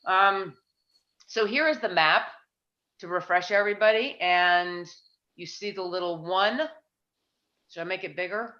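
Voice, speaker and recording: A woman's voice: measured pace, pauses often, pushed and bright. A woman chairing a town planning board meeting, chatty and self-deprecating, thinking aloud with frequent restarts. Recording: muffled low-fi meeting audio.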